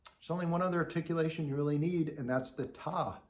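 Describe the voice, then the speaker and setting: A man's voice: a little high, fast talker. A middle-aged man giving a patient beginner trombone lesson, sounding out articulation syllables. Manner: patient, demonstrates syllables aloud. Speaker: trombone teacher. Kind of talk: instructional lesson.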